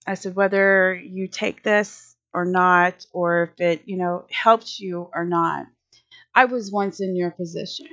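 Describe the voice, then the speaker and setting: A woman's voice: mid-range voice, fairly even intonation, measured pace, a bit bright. A woman in her forties hosting a podcast, telling a personal story in a rambling, conversational way with many restarts. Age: 40s. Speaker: podcast host. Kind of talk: casual storytelling monologue. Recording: slightly muffled lo-fi audio with faint music.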